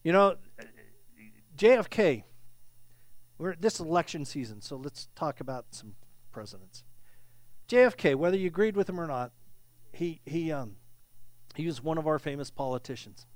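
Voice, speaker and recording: A man's voice: fairly high pitch, expressive, normal speed, pauses often, no room sound. A male pastor, preaching a sermon in a conversational, storytelling way with emphatic questions.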